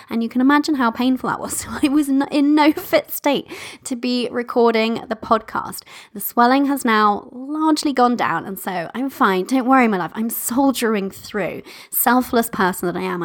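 A woman hosting her own podcast, chatting casually and warmly to listeners, bubbly and laughing often. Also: fairly high pitch. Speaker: podcast host. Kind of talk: casual solo podcast chat.

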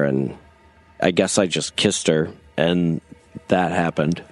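A young man from North Carolina telling a rambling personal story in casual talk, filling it with "like" and acting out what others said. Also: deep voice. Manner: rambling, frequent "like", acts out quoted voices. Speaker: guest storyteller.

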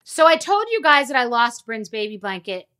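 A woman's voice: a little high, very animated, normal speed, music in the background. A middle-aged woman hosting a podcast, talking in a blunt, profane, emphatic monologue. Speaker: podcast host. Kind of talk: casual monologue.

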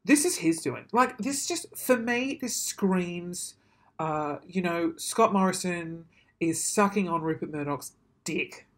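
A man's voice: sits high, expressive, slow pace, fairly bright tone. A man ranting casually to camera, swearing freely and then apologising, in a rambling, self-deprecating way. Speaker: vlogger.

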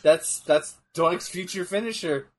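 A man co-hosting a casual chat while watching wrestling, joking and breaking into loud outbursts. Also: high-pitched, a little slow. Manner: loud, excitable, jokey outbursts. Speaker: podcast co-host.

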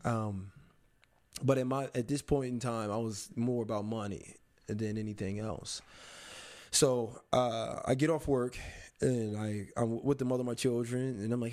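A young adult man in an interview, telling a personal story in a reflective, halting way with many pauses and restarts. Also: mid-range voice, fairly even intonation, darkish tone.

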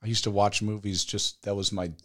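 An easygoing man with a fairly low voice, chatting casually on a podcast. He tells stories about himself with a self-mocking, relaxed touch. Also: brisk. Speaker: podcast co-host. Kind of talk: casual chat.

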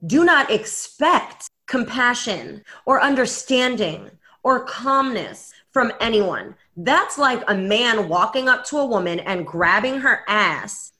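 A woman's voice: on the high side, animated, slow pace, few pauses, sharp tone. A woman co-hosting a podcast in casual chat, blunt and emphatic, swearing now and then. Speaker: podcast co-host.

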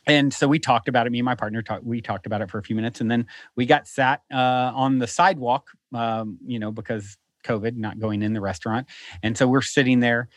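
A man who is a podcast guest, telling a story in a casual, animated, rambling way with many restarts. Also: mid-range voice, brisk, dry recording, studio quality. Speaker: podcast guest who hosts his own show. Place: lives in a beach town.

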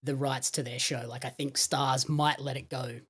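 A man with a husky, slightly rough voice, at a mid pitch, speaking as a podcast guest. He chats in a measured, agreeable way. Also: flat delivery, a bit bright. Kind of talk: casual podcast chat.

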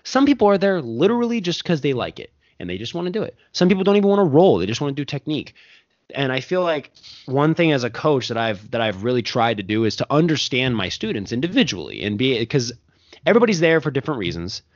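Male coach and co-host, rambling and animated, dry, dull audio. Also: mid-range voice, fast talker, dry recording. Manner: animated, rambling, self-correcting. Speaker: jiu-jitsu coach and co-host. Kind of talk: casual podcast chat.

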